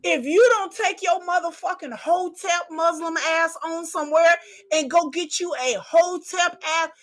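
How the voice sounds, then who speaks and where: A woman's voice: very high-pitched, unhurried. A woman doing a live reaction stream, delivering a profane comedic rant. She swears constantly, repeats lines for emphasis and keeps breaking into laughter.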